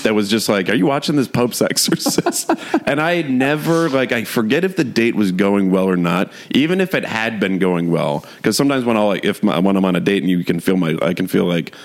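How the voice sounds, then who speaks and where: A man's voice: on the low side, lively intonation, brisk, few pauses. A young man co-hosting a podcast, rambling in casual chat and laughing often. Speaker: podcast co-host.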